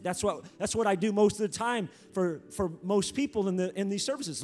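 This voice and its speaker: A man preaching a sermon, emphatic, repeating phrases and rising to near-shouts. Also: high-pitched, a little fast, hardly any pauses, faint music behind.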